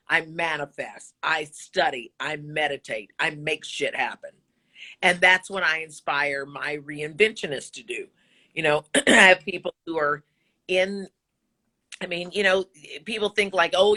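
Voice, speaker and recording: Her voice sits low and comes across as pushed and bright. This sixtysomething broadcaster and voice actor gives an emphatic, frank interview, full of motivational preaching and liberal swearing.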